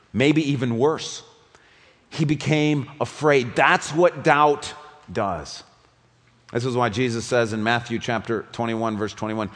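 A pastor preaching a sermon, rising to emphatic peaks and dropping to quiet, low passages. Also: male voice. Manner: dynamic preaching, swinging between loud emphatic peaks and low quiet drops. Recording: long reverb of a large hall.

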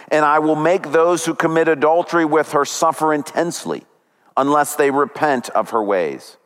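Dramatic preacher, higher voice, long reverb. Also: male voice, fairly bright tone, smooth. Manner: dramatic storytelling with big pitch swings. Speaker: pastor. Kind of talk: sermon.

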